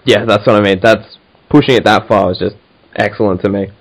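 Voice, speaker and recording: A man's voice: on the low side, fairly even intonation, fairly quick, low-quality recording. A man hosting a casual podcast chat, talking with enthusiasm and many fillers and restarts. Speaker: podcast host.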